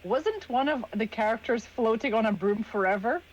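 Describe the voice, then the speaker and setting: A woman's voice: on the high side, expressive, normal speed, highs cut off, slight background noise. A woman playing a tabletop game, talking hesitantly with many fillers. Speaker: player.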